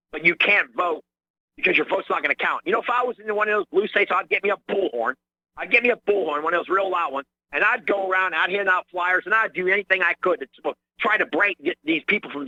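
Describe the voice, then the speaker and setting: Male radio caller, indignant rant, bright tense voice, muffled phone sound. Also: dry recording. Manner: indignant ranting, lively pitch swings. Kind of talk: call-in radio talk. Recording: dry muffled phone line.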